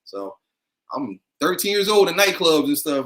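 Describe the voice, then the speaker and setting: A man's voice: fairly high pitch, sing-song, normal speed, fairly bright tone. A man chatting casually as a livestream guest, telling stories in a laid-back, chuckling way over a video call. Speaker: guest content creator.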